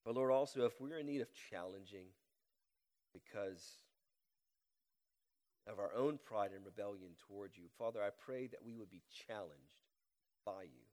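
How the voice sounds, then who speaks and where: A man with a head cold preaching a sermon, reading scripture aloud with a deliberately slowed cadence and praying. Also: fairly low pitch, mellow, long reverb tail. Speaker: pastor. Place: church sanctuary.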